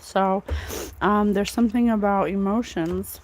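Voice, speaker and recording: A woman's voice: mid-range voice, measured pace, a little mellow, no room sound. A woman giving a casual, rambling psychic tarot reading, full of fillers and asides. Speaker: psychic reader.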